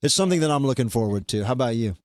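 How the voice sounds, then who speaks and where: A man's voice: medium pitch, animated, very fast, no echo, clean studio sound. A man chatting casually as a podcast host, rambling loosely with many fillers and restarts. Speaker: podcast host being interviewed. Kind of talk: casual chat.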